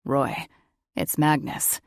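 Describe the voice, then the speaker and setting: A woman's voice: takes it slowly, no room sound, studio quality, close to an everyday voice. Woman playing a firm, urgent shapeshifter man. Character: determined male shapeshifter protector, steady.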